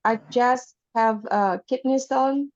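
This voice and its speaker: A bereaved mother answering a reading over a video call, in soft, hesitant short replies. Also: fairly high pitch, takes it slowly, no room sound. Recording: dull, dry video call audio.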